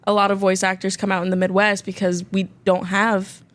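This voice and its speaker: A woman's voice: mid-range voice, level tone, fairly quick. A young woman in her twenties hosting a podcast, chatting casually with a giggly, self-deprecating manner. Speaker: podcast host. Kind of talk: casual chat.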